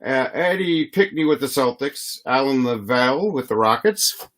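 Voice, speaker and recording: A man's voice: medium pitch, lively intonation, normal speed, a bit bright. A man hosting a live trading card box break, reading player names in a chatty, easygoing way and laughing often.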